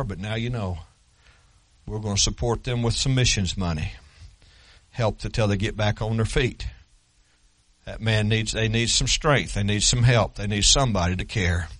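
A man preaching a sermon as pastor, swinging from loud emphatic preaching to low quiet asides. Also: normal speed, no room sound, rough recording.

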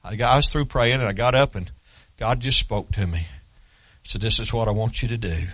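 A man preaching a sermon as pastor, swinging from loud emphatic preaching to low quiet asides. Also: brisk, dry recording, low-quality recording.

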